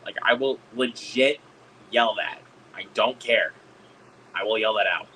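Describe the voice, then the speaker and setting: A man streaming a casual hangout chat, excitable, swearing a lot and laughing often. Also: fairly low pitch, measured pace, a little hiss or hum, poor audio.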